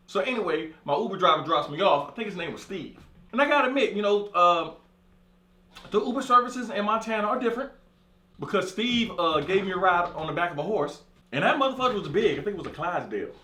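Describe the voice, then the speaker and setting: A man's voice: high-pitched, reverberant. A man telling a profane comic story as a monologue, acting out the people in it. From California. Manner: animated, profane, acts out voices. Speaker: comedian storyteller.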